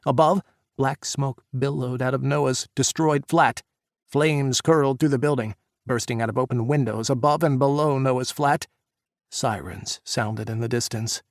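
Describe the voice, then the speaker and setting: A man narrating an audiobook, voicing the characters' shouts during the action scenes. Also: mid-range voice, unhurried, dry recording, clean studio sound. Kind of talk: scripted narration.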